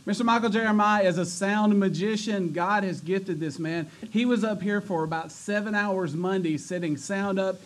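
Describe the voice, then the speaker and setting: A man's voice: high-pitched, normal speed, hardly any pauses. A man hosting a church youth night, joking, teasing the crowd and running announcements. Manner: joking, energetic, stumbles and teases the audience. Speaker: youth pastor. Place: church youth room with a live audience.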